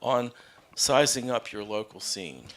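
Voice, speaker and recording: A man on a panel telling a story in a halting, anecdotal way. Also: medium pitch, lively intonation.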